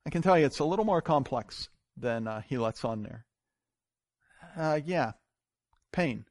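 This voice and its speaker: A man preaching a sermon as pastor, telling stories with big swings from loud to hushed. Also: mid-range voice, measured pace, no echo, studio quality. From grew up on a farm. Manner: animated storytelling with wide swings in loudness.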